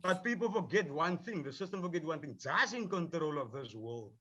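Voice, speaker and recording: A man's voice: a little high, lively intonation, brisk, a bit bright, highs cut off. A man, a rapper on a panel, talking with passion and heat, swearing often and repeating himself. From South Africa. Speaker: rapper, film subject. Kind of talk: heated panel discussion.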